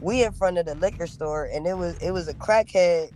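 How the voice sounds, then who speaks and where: Slangy storytelling host, raised voice. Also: male voice, sits high, a little fast, a little mellow, a little hiss or hum, rough recording. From Rochester, New York. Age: 30s. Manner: storytelling, slangy, many fillers. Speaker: podcast host. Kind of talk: casual podcast interview.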